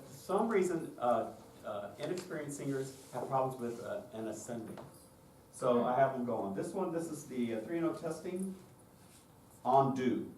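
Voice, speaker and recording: A man leads a choir workshop, walking the audience through his methods and pausing often to ask "okay?". His voice is heard from some way off the mic in a roomy lecture space, with a faint hiss of background noise underneath. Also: mid-range voice, far from the mic. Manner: explanatory, checks in with "okay?". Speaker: choir director presenting a workshop. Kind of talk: conference lecture with demonstrations.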